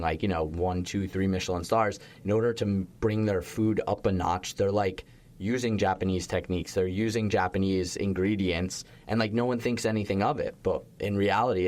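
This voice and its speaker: A young adult man, a chef and restaurateur, talking casually in an interview with lots of "like" fillers and the odd swear word. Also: low-pitched. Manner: animated storytelling, heavy use of "like", occasional swearing.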